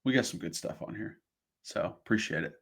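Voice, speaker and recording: A man hosting a podcast, opening the show in a relaxed, friendly way. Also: lowish voice, brisk, gravelly, breathy edge. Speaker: podcast host. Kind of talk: casual podcast intro.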